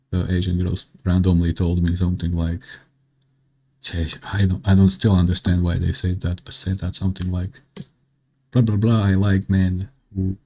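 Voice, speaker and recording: A man's voice: sits low, dark tone. A man commenting bluntly over a video on a live stream, with mocking asides.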